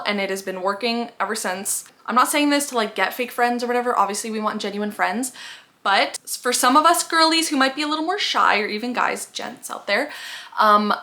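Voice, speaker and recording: A woman's voice: mid-range voice, sharp tone. A young woman in her twenties giving friendly advice in a chatty, upbeat vlog, often saying "like". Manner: chatty and upbeat, many "like" fillers. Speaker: vlogger.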